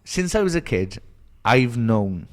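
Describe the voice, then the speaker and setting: Guesting on a podcast, a middle-aged man from Merthyr Tydfil, Wales, tells stories in casual chat with a Welsh accent. He speaks at a measured pace in a mid-range voice with big pitch swings, cursing freely and performing the voices of those he quotes.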